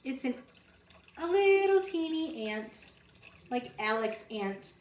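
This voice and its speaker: A woman teaching a phonics lesson to young children, sounding out letters slowly and repeating each word. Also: high voice, expressive. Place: home. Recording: roomy echo, mic at a distance, faint background noise.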